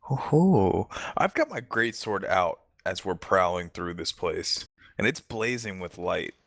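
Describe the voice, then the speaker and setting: A man's voice: low voice, expressive, measured pace, creaky, sharp tone, dry recording, studio quality. A man playing in a tabletop game, boisterous and joking. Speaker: player. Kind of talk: casual chat at a tabletop game.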